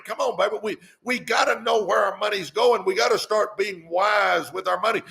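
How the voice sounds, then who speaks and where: A man's voice: sits high, creaky, a bit bright. Fired-up man preaching money advice. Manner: fired-up preaching, repeats "come on". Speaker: host. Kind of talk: live-stream money advice.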